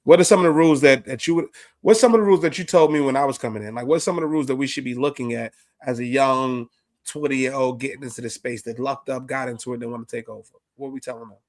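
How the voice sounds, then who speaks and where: A man hosting a casual interview podcast, talking in heavy slang and giving quick shout-outs. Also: mid-range voice. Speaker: podcast host.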